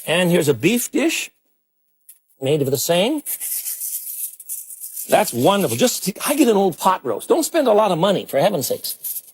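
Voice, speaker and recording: A middle-aged man hosting a cooking demonstration in a studio kitchen, his voice a little husky and somewhat high. He talks in a chatty, enthusiastic way and exclaims over the food. The sound is that of a 1980s television broadcast. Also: sing-song, measured pace, long pauses. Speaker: cooking show host.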